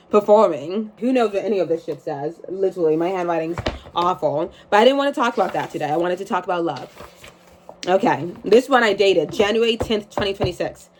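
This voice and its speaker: A woman's voice: medium pitch, a little hiss or hum. Young woman, 20s, casual vlogger, chatty and self-mocking, reads from her diary. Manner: chatty, swearing, laughing at herself. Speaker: vlogger reading her journal. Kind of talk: casual chat and journal reading.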